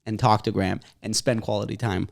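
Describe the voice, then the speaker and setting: A man's voice: lowish voice, little pitch movement, a little fast, vocal fry. A young adult man, a comedian guest, telling rambling stories in casual comedic chat and trailing off with laughs.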